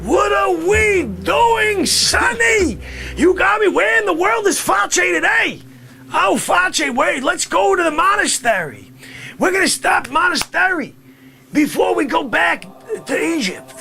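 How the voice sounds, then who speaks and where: A man voicing a brash, grumbling middle-aged guy from the Bronx, rambling complaints and bursting into shouts. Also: extremely high pitch, very animated, unhurried, gravelly, voice pushed up, full character voice. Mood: shouting. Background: music.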